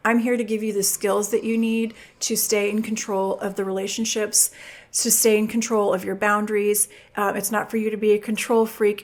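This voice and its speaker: Animated woman, podcast host. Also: a little high. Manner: animated storytelling, acts out quoted voices. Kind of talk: podcast monologue giving relationship advice.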